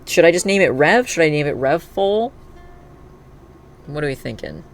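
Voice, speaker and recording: Gravelly-voiced streamer thinking aloud. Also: mid-range voice, normal speed. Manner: thinks aloud, chatty, bursts into excited cheering. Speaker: live streamer. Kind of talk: casual live-stream chat while playing. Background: faint background music and keyboard typing.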